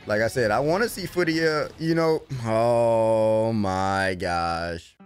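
A young man hosting an anime reaction, casual and slangy, swinging from low grumbling to loud cheering as he talks to the screen. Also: slow pace, faint music behind. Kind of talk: excited reaction commentary.

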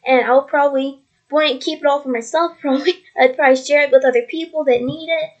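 The audio is dull as a woman with a high-pitched voice talks a little fast in a steady tone. She's vlogging at home through her computer mic, giving a casual faith testimony in an earnest, rambling, repetitive way.

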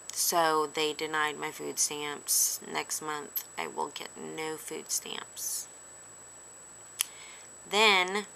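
A woman's voice: deep voice, creaky, bright, forceful tone, slight background noise, rough recording. A woman recording a personal video diary at home, teary and rambling with lots of fillers, speaking straight to her camera. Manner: tearful, rambling with many fillers. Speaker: daily video diarist. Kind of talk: emotional personal vlog.

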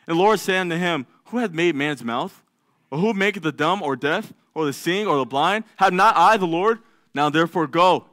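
Male preacher, church sermon, somewhat high voice, dry close sound, acts out scripture characters. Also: fairly bright tone, no room sound. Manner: acts out biblical figures' doubts in a raised voice; reads scripture aloud, with some stumbles. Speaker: lay preacher.

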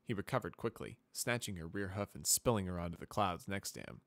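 Low-voiced man reading a storybook. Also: brisk, a bit bright, no room sound. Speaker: narrator. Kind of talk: audiobook reading of fan fiction.

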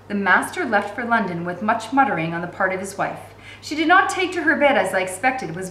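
A woman reads a novel aloud as a teacher, telling it expressively with brief commentary. Her voice is fairly high and very bright. The room is echoey. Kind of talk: read-aloud narration with commentary.

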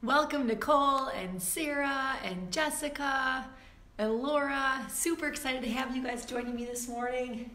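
Before her live online workout class begins, a woman fitness instructor chats upbeat with viewers from a room at home, greeting them by name, her voice a little hoarse from the morning. Her pitch is high and her tone sharp, she speaks at a measured pace, and the sound is roomy.

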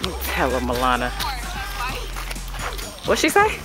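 Animated woman vlogging on a hike. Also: extremely low pitch, a little slow. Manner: loud, joking, animated banter. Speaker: vlog host. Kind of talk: casual outdoor workout vlog chat. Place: outdoors on a hiking trail. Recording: music playing over the talk.

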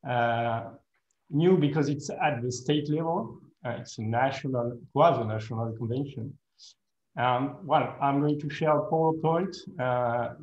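A man's voice: medium pitch, darkish tone, reverberant, lo-fi sound. A man with a French accent giving a conference talk over a video call, hesitant and full of fillers, with a self-deprecating laugh. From France. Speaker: guest speaker, lawyer and professor. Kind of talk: conference presentation.

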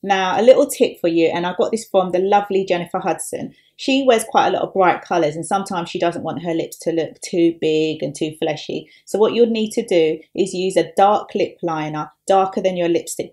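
A woman's voice: fairly low pitch, fairly quick, few pauses, mellow. A woman makeup artist talking through a tutorial step by step in a chatty, upbeat way.

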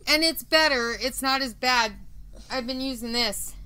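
A woman co-hosting a casual podcast over a video call, talking loudly and laughing at herself while her stiff neck keeps her from turning her head. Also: sits high, normal speed, smooth. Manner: loud, laughing, self-mocking. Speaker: podcast co-host. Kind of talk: casual chat. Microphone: video call with microphone.

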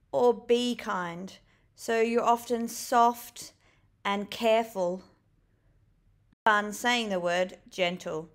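Slow, encouraging woman teaching young children. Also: a little high, a bit bright. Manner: slow, encouraging, clearly enunciated prompts. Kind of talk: children's vocabulary lesson.

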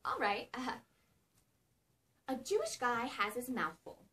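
A woman's voice: a little high, huge pitch swings, a little slow, bright, forceful tone, full character voice. An actress playing a woman who hesitantly fumbles her way through telling a joke. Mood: fumbling. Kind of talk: cold-read scene.

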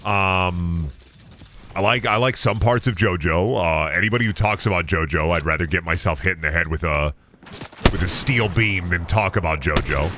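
A man's voice: low voice, moderate pace, pushed and bright, a little hiss or hum. A man streaming a game, ranting cynically and with plenty of swearing in a casual chat. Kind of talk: casual chat while gaming.

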